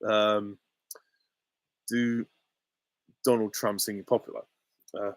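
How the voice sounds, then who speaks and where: A man's voice: lowish voice, moderate pace, a bit bright, no room sound. A man hosting a live stream Q and A, chatty, giggly and self-deprecating, on a close desk mic. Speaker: channel host answering viewer questions.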